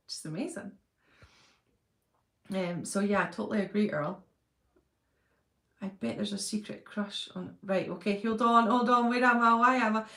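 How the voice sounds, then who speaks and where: A woman hosting a relaxed live stream, chatting freely and breaking into laughter as she answers viewers' comments. Her voice sits in a middle register. The room around her gives it a noticeable echo. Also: mid-range voice. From Britain. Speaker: channel host reading live chat. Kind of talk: casual live-stream chat. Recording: roomy echo.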